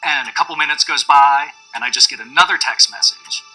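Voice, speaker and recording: A man giving a documentary interview, telling a story in a relaxed way. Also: on the high side, a little fast, soft background music, low-quality recording. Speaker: bar staff interviewee.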